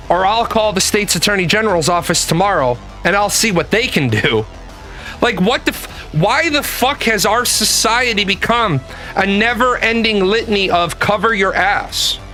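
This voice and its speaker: Swearing constantly, a male podcast host recounts a fight over a missed appointment, playing both parties in the phone calls. His voice sits high and sounds pushed and bright, and his tone is exasperated.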